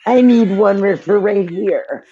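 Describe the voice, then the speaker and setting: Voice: medium pitch, a little slow, mellow, slightly rough, muffled recording. A co-host making wry, laughing asides during a casual livestream chat. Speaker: podcast co-host.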